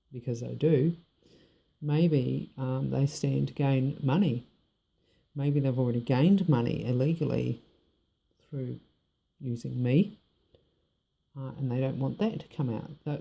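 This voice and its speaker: A middle-aged woman with a New Zealand accent tells a personal story straight to camera. Her voice is very dark and mellow with a gravelly rasp, and she talks bluntly and rambles. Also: rumbling low. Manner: blunt, rambling, frank with swearing. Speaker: vlogger. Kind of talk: personal monologue.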